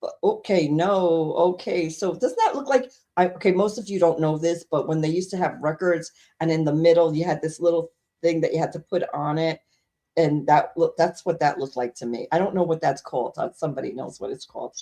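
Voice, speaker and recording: A woman's voice: sits low, brisk, warm tone. A middle-aged woman co-hosting a podcast, chatting casually and rambling as she searches for words, laughing easily. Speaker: podcast co-host. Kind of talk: casual chat.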